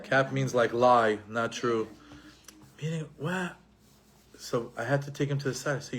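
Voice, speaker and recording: A middle-aged man giving an animated Torah lesson, repeating himself and mixing in Hebrew terms. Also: mid-range voice, unhurried. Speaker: Torah teacher.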